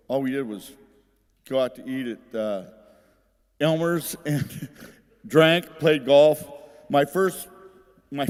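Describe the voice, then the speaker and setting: A man's voice: mid-range voice, a little mellow. Folksy man, hall reverb. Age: middle-aged. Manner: folksy storyteller, laughs at his own jokes. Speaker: hall of fame inductee giving a speech. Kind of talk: rambling humorous acceptance speech. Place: large ceremony hall.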